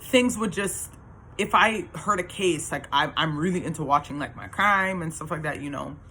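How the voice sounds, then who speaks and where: A woman's voice: deep voice, moderate pace, sharp tone, slight background noise. A woman telling her own story in a casual, earnest monologue that rambles, with many restarts and fillers.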